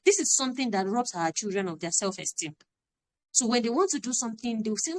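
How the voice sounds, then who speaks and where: A woman's voice: fairly high pitch, big pitch swings, quick pace. A woman, giving an earnest, emphatic parenting talk on a live stream and repeating her key phrases. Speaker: parenting coach.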